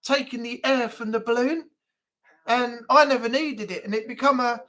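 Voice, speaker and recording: A man's voice: very high voice, fairly even intonation, moderate pace, sharp tone. A man hosting a casual live-stream chat, talking in a rambling, easygoing way with frequent laughs.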